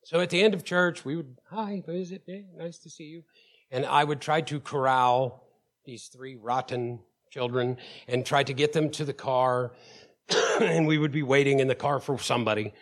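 A man's voice: medium pitch, fairly even intonation, moderate pace. A man preaching a sermon as pastor. He tells personal stories with emphatic call-outs to the congregation and often stammers and repeats words.

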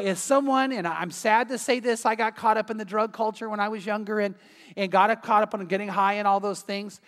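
Pastor, earnest conversational sermon, mid-pitched voice with a long hall echo. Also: fairly bright tone. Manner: earnest, conversational preaching with rhetorical questions.

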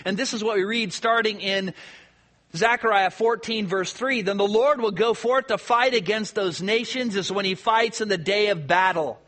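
Bright, high-voiced male pastor preaching. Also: moderate pace. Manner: conversational preaching with rhetorical questions. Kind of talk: sermon.

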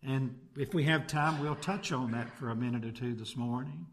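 A man's voice: medium pitch, moderate pace, slight background noise. A man preaching a sermon, reading a scripture passage aloud and then preaching on it with rhetorical tag questions. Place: church.

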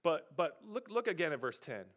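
Bright, high-voiced preaching man. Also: brisk. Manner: animated, emphatic preaching with swings in volume. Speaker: pastor. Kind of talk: sermon.

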